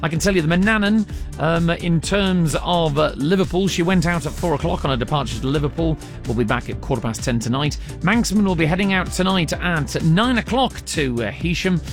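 A man's voice: a little high, a little fast, soft background music. A man presenting local radio, chatting casually and reading travel news with a joking manner. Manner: chatty, jokey, with many ums. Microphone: studio microphone.

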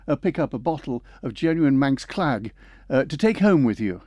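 A man's voice: medium pitch, very animated, moderate pace, warm tone, no room sound. A man presenting radio news and bantering with a colleague in a dry, teasing way.

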